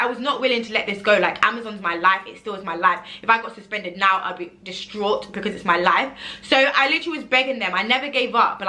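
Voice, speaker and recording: A young woman tells her story in a casual vlog style, animated and quick to act out her own words. Her voice is bright and forward. She sits at an even middle pitch for a woman. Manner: animated, acts out her own quoted pleas, says like a lot. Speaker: online seller and vlogger.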